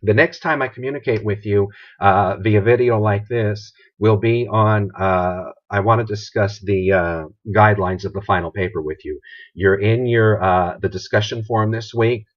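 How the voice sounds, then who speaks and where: A man teaching a business writing course in a recorded video lecture, measured and pausing with filler words, posing rhetorical questions to students. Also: fairly low pitch. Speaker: college instructor. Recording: dull lo-fi sound.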